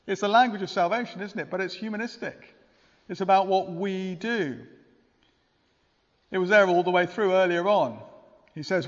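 A man's voice: high-pitched, lively intonation, normal speed. A man preaching a sermon in a church, earnest and conversational, often asking rhetorical questions. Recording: long reverb, dull lo-fi sound.

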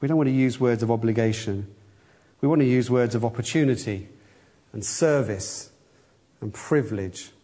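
A man's voice: medium pitch, normal speed, long pauses, warm tone. A middle-aged man, a church elder, giving a conversational sermon with wry humor and acted-out quotes.

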